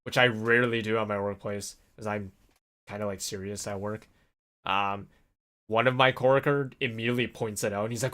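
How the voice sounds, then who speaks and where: A man vlogging in a casual, rambling storytelling way, animated when he quotes people. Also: on the low side, a little fast. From North America. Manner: rambling, animated when quoting others, laughs often.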